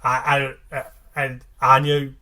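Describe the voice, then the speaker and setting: A man co-hosting a podcast, recapping an episode in casual chat, halting with many fillers and restarts. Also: medium pitch, monotone, pushed and bright.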